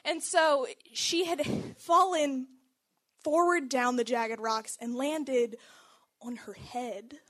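A young woman tells a personal story aloud in a loose, conversational way. Her voice sits high, and she keeps it animated, laughing as she goes and filling gaps with "like.". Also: slow. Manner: animated, chatty, laughs often, says "like" a lot.

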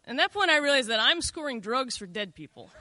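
A middle-aged woman recounts a personal story with a bright, forceful edge to her voice. She talks casually and confessionally, scattering "like" and "you know" through her sentences. The recording is close and dry, with no room sound. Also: high-pitched, very animated, fast talker, no echo. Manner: conversational, frequent "like" and "you know", candid and confessional.

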